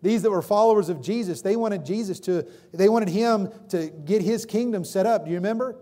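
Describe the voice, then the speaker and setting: A male pastor preaching a sermon in a church, swinging between loud emphatic calls and quieter explanation, with frequent questions to the congregation. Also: high-pitched, brisk. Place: church sanctuary. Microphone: livestream recording from the pulpit.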